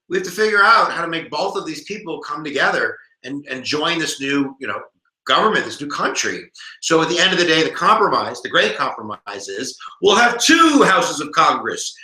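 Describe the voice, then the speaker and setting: An American man in his forties, a former history teacher, giving a jokey, animated live exam review to viewers online. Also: on the high side, echoey room, low-quality recording.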